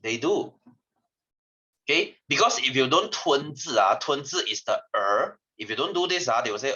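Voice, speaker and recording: In slightly dull lo-fi audio, a Malaysian man teaches science in a relaxed online session, speaking Malaysian English. He's chatty, rambling and quick to laugh, with an expressive, husky, pushed and bright voice of medium pitch at normal speed.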